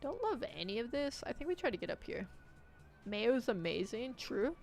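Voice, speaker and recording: A woman streaming a game live, chatting and joking with viewers and shouting out loud when things go wrong. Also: on the high side, sing-song, moderate pace, soft background music. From United States. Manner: jokey, reacts loudly with sudden shouts. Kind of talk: live gameplay commentary.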